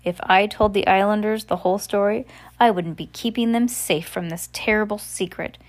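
A woman voicing a calm, manipulative old man who leads a group, in a read-aloud novel. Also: medium pitch, moderate pace, close to an everyday voice. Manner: calm and smooth.

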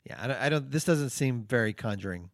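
A man co-hosting a parody call-in show, with deadpan, skeptical banter. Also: mid-range voice, fast talker, dry recording, clean studio sound. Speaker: radio show co-host.

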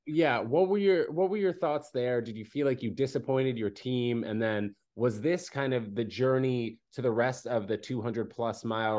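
A man hosting a podcast, speaking at an ordinary middle pitch. He strings his questions together loosely, adding more as he goes. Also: darkish tone. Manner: asks long, winding questions. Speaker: podcast host. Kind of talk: casual interview.

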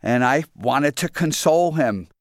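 A man's voice: fairly high pitch, expressive, a little slow, no room sound, studio quality. An older man being interviewed, telling his story candidly and with regret. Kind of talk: reflective interview recollection.

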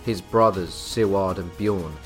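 A man giving a measured, scripted narration of a historical tale. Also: low-pitched. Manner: measured, storytelling delivery. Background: soft music.

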